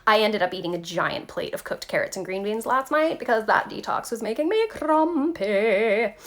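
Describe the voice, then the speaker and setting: A woman talking casually to her viewers about spiritual growth, animated and chatty, often saying "like" and "okay". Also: mid-range voice, normal speed. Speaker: spiritual tarot vlogger.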